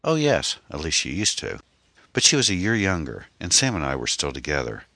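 A man's voice: extremely low pitch, huge pitch swings, a little fast, pushed and bright, dry recording, heavily acted. A man voicing a frightened, anxious middle-aged divorced mother in an audiobook, with a pleading manner. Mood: weary. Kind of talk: audiobook character voice.

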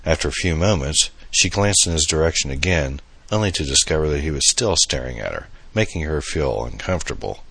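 Man narrating an audiobook, very deep voice, bright husky tone, dry close sound. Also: no room sound. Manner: steady, measured storytelling.

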